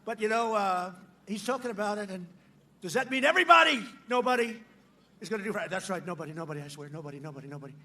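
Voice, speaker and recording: High, bright-voiced man shouting at a rally. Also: expressive, fast talker. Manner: boastful, mocking, repetitive, shouting over a crowd. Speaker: politician addressing a rally crowd. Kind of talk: campaign rally speech. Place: large outdoor rally.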